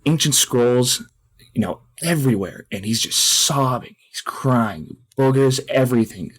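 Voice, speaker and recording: A man's voice: mid-range voice, expressive, a little slow. A man co-hosting a podcast, telling a long joke in a rambling, casual way. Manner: rambling storyteller with fillers. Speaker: podcast co-host.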